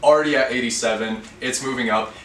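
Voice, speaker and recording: A man's voice: medium pitch, quick pace, a bit bright. A man co-hosting a sports betting podcast in casual chat, walking through stats to back up his picks. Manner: lays out stats and reasons plainly. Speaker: podcast co-host. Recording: echoey room, distant mic, faint hiss.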